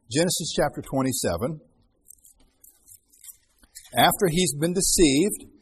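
A man's voice: on the high side, husky. A man preaching a Bible-teaching sermon, reading scripture aloud with rising emphasis and then explaining it in loose, restarting talk.

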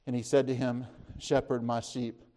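A man preaching a sermon, retelling scripture as a story, asking his listeners questions and lifting his voice when he speaks the disciples' lines. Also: moderate pace. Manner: animated storytelling, voices the disciples' words with rising pitch; conversational, asks the listeners questions.

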